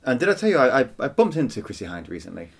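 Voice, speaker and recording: A man's voice: mid-range voice, huge pitch swings, rapid-fire, creaky, slightly rough. A man co-hosting a casual album review chat, dry and opinionated with a teasing streak. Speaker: podcast co-host.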